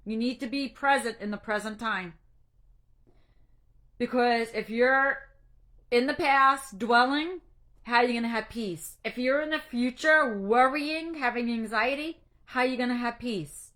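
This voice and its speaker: A woman anxiety coach giving an earnest, faith-based encouragement talk, emotional and halting, stumbling and restarting as she speaks. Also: fairly high pitch, pushed and bright. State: emotional, near tears.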